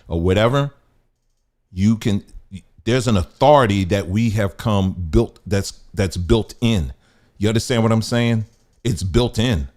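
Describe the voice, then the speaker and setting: A man's voice: lowish voice, a little mellow. A man hosting a podcast, giving emphatic, preachy advice in a casual monologue. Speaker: podcast host.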